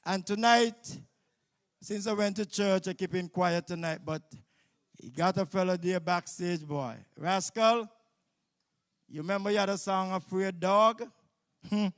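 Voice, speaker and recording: A man with a Kittitian accent emceeing a live outdoor stage show on a stage microphone, loud and teasing. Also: high voice, moderate pace.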